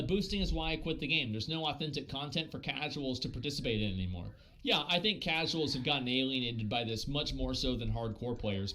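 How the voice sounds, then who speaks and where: Bright-voiced male streamer, rambling. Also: mid-range voice, rough recording. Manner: rambling, heavy on fillers and profanity. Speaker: live streamer. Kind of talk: casual gaming stream chat.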